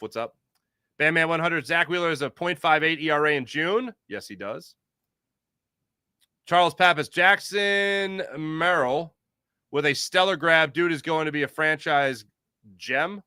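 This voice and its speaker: A man with a fairly high, clear, resonant voice hosts a casual sports podcast livestream, recorded at studio quality with no echo. At a moderate pace, he reads the chat aloud with animated, jokey energy, rambling and restarting his sentences.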